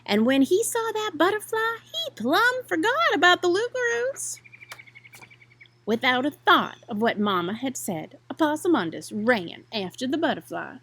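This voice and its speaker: A woman reading a children's picture book aloud, expressive and talking to young listeners in asides. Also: sits high, unhurried. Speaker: storyteller.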